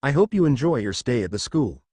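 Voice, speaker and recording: A man's voice: mid-range voice, sing-song, brisk, darkish tone, husky, dry recording. Brief: joking young teacher who complains a lot, voiced by a male reader, dry sound. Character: wisecracking young married teacher, a bit whiny.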